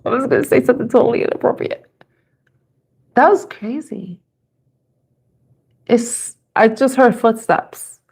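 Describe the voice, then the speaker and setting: A woman tarot reader chatting through a live reading from her office, her voice pitched a little high and her pace unhurried. She is playful and giggly, laughs often, and repeats each question slowly while shuffling cards. The stream feels casual and chatty. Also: creaky, a little mellow, slightly rough.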